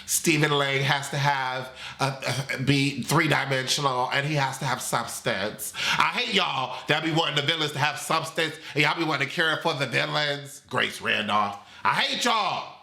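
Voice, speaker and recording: A man giving a comedic movie review in a dramatic, sassy, animated way. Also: mid-range voice, moderate pace, vocal fry, hardly any pauses. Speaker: movie critic. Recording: roomy echo.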